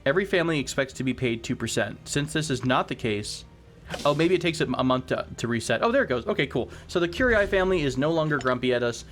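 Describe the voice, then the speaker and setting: A man's voice: medium pitch, animated, fast, fairly bright tone, faint music behind. A man hosting a let's play, thinking aloud in a rambling way with frequent restarts, recorded at home on a sensitive desk microphone. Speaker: gaming channel host. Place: home room with air conditioner running. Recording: faint air conditioner hum. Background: faint air conditioner hum.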